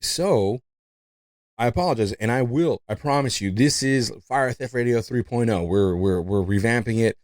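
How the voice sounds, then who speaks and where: In a clean, echo-free studio recording, a podcast host with a darkish, mid-range voice chats casually at normal speed. English is his second language, and he rambles, laughs often, and keeps saying "you know" among other fillers.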